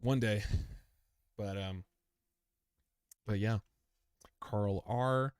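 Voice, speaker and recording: Worn out after a long session, a man hosts a crypto live stream, answering viewer comments in a rambling, chummy, laid-back way and calling everyone dude. His voice sits on the low side with fairly even intonation, drawn-out words and a clean tone.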